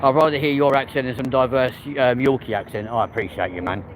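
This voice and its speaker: A man's voice: medium pitch, fast talker, noisy background. A man, chatting casually with viewers on a live stream and swearing lightly. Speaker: vlog host. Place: outdoors in a city street.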